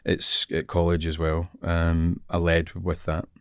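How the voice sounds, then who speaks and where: A middle-aged Scottish man telling stories in casual chat, animated, acting out other people's voices and laughing often. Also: sits low, unhurried, clear, resonant tone, no room sound, studio quality. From Scotland. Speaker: actor guest.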